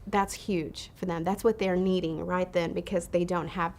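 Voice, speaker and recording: A woman's voice: fairly low pitch, steady tone, moderate pace, a little mellow. A woman leading a pregnancy support ministry, telling heartfelt stories in an earnest, personal way. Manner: earnest, heartfelt retelling with quoted voices. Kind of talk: personal storytelling talk.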